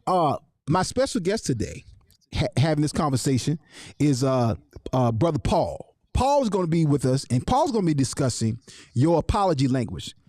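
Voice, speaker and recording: A man's voice: a little high, big pitch swings, moderate pace, darkish tone, no echo, studio quality. A man hosting a live online show, talking to viewers and greeting them by name in a sing-song way. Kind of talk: live-stream talk with viewer shout-outs.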